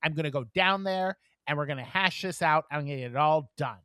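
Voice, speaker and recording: A man co-hosting a podcast, telling a story in casual chat, animated and profane, acting out the dialogue. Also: fairly high pitch, brisk, clean tone, no echo. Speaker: podcast co-host.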